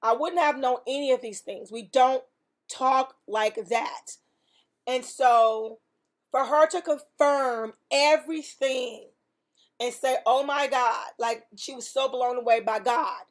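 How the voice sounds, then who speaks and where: Woman, podcast host, slightly high voice, earnest, emphatic, preaching cadence. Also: slow. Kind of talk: faith podcast testimony.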